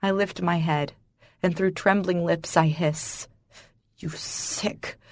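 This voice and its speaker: A woman narrates a romance audiobook in the first person, telling it with raw, intense emotion. Her delivery is slow and her voice sits on the low side. The recording is close and dry. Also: fairly even intonation, darkish tone, no echo.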